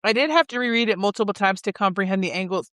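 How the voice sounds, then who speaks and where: A woman hosting a podcast, recapping a book's plot in a deadpan way and often breaking into giggles. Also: medium pitch, quick pace, no echo, studio quality. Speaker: podcast host summarizing a book. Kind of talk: casual chat.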